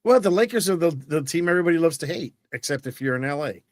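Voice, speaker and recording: A man's voice: on the high side, expressive, fast talker, no echo, clean studio sound. A man co-hosting a comedy podcast, teasing and bantering in a laid-back way. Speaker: podcast co-host. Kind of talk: casual comedy podcast chat.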